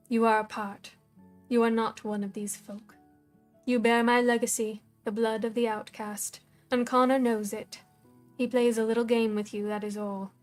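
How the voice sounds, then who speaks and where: A woman reads aloud in her natural voice, portraying a cold, scornful older woman who serves as a dark mentor. She speaks in a low, hushed, commanding manner.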